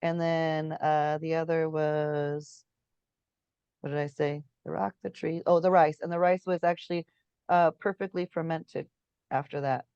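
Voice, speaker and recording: A woman's voice: deep voice, flat delivery, a little slow, mellow, clean tone, no echo, highs cut off. A woman in a casual spiritual chat, telling stories, acting out quotes and searching for words as she goes. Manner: chatty storyteller, acts out quotes, searches for words. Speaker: guest.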